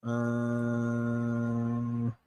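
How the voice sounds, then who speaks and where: A man's voice: mid-range voice, monotone, drawn-out words, warm tone, clear, resonant tone. A man on a casual livestream, talking about fights in a blunt, rambling, profane way. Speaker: streamer.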